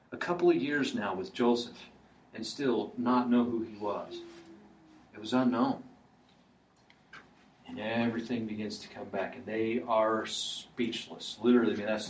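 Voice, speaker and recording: A man's voice: medium pitch, slight background noise. A man preaching a sermon in a conversational way, often restarting his sentences with filler words. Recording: echoey room, mic at a distance.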